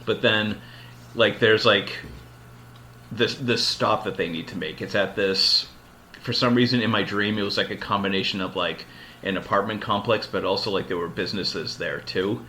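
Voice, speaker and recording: Male podcast host, loose rambling storyteller, lower pitch with a sharp, forceful tone. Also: slight background noise. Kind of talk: casual chat.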